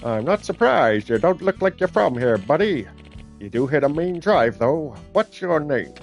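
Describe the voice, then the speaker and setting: A man's voice: on the high side, big pitch swings, moderate pace, vocal fry, highs cut off, faint music behind, pitched above the performer's own voice. Man putting on a brash golf hustler. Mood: smooth-talking. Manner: loud, folksy, salesman-like. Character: brash middle-aged male golf hustler.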